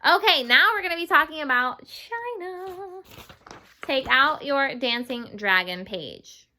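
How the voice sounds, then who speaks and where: A woman with a high, sing-song, sharp voice teaches English grammar to children who speak Spanish. She's slow and patient, repeating words for her students and offering Spanish glosses.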